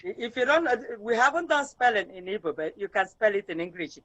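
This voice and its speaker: A man's voice: high-pitched, sing-song, a little fast, sharp tone, a little hiss or hum, poor audio. A man teaching an online language lesson, patiently drilling words syllable by syllable over a video call.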